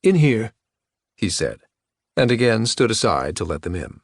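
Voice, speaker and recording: A man narrating an audiobook in a measured, even-toned reading voice. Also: low-pitched, creaky, no echo, studio quality. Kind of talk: scripted narration.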